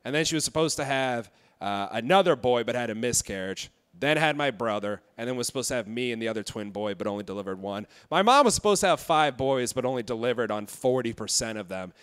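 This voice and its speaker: A young man doing stand-up on a club stage, his voice clear and smooth through a handheld mic. He sits at a middling pitch and delivers shocking jokes deadpan, stumbling over small fillers between bits. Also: fast talker, few pauses. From Indiana. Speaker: stand-up comedian. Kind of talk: stand-up set.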